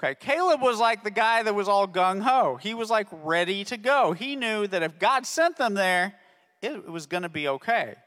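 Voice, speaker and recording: A man's voice: high voice, expressive, moderate pace, fairly bright tone. A man telling a Bible story to children as a ministry teacher, constantly checking in with "okay?". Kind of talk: Bible story lesson for kids. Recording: long reverb of a hall.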